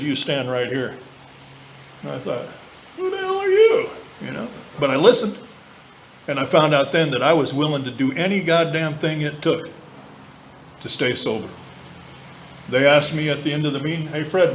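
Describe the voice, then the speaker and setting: A man sharing his recovery story in plain, earthy speech, salted with mild curses and lively impressions of the people he quotes. His voice sits a bit high for a man. A faint hiss runs under the recording of the meeting room. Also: fairly quick, rough recording. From southern California. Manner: blunt, earthy and colloquial, with mild swearing; mimics voices of others in quoted lines. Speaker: AA meeting speaker. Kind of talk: personal recovery talk.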